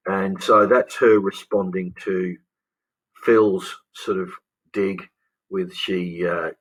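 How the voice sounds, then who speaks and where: A man's voice: low-pitched, little pitch movement, takes it slowly, a little hiss or hum, low-quality recording. A man, casually talking through a script example as a teacher. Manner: casual, thinking aloud with restarts. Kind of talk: explaining a script.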